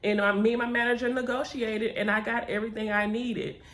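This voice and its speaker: Brisk and fairly high-voiced, a young adult woman vlogger recounts her story expressively and candidly from her cousin's house. Her animated telling features "baby" and "child," and the room is echoey.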